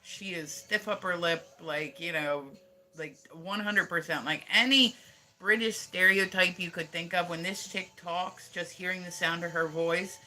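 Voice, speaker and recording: A man streaming live, talking in a loose, rambling way and swearing freely as he chats with viewers. His voice sits a bit high and has a very bright, tense edge. He fills nearly every sentence with "like". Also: fairly even intonation, measured pace. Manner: rambling, profane, heavy use of "like". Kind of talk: casual livestream chat.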